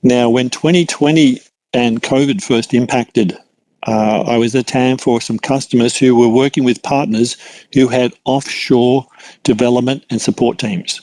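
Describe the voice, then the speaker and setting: Middle-aged Australian man, instructor, conversational lecture, mid pitch, dry sound. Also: fairly even intonation, unhurried, darkish tone, no echo, low-quality recording. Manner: conversational, frequent fillers and restarts. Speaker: cloud computing instructor. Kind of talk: lecture with work anecdotes.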